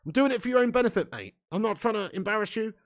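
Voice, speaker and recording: A man's voice: high voice, lively intonation, rapid-fire. A young English man hosting a live stream, chatting in sweary, laddish banter with his viewers and laughing often. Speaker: livestream host. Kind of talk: live watch-along chat.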